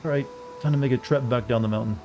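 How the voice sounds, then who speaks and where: A man's voice: medium pitch, fast talker, warm tone, a little hiss or hum. A young man from the southern United States, a streamer chatting casually and rambling as he plays, swearing now and then. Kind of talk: casual chat while gaming.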